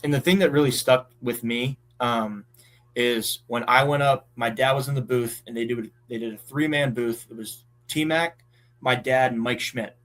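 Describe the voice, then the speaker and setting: A young man around twenty from southeastern Pennsylvania, a college ballplayer telling stories in a relaxed chat, full of fillers. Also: mid-range voice, normal speed. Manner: relaxed storytelling with many fillers. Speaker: college baseball player, guest. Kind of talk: casual chat.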